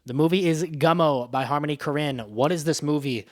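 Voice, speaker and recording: A man's voice: a little high, brisk. A man giving a casual spoken movie review, rambling and swearing in a loose, offhand way.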